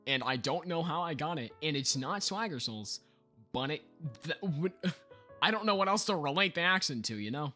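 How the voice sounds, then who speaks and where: A man's voice: fairly high pitch, animated, moderate pace, pushed and bright, faint music behind. A young man co-hosting a podcast, chatting casually with lots of laughter, fillers and loose tangents. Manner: giggly, rambling, lots of fillers. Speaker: podcast co-host. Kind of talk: casual chat.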